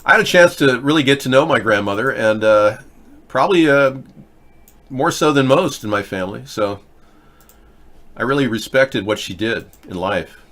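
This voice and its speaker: Here the host speaks at normal speed with a medium pitch, lively intonation and a fairly bright tone. It's casual live-stream talk on his political video chat show, where he rambles bluntly, restarts words, and replies to viewers in the chat while mocking them.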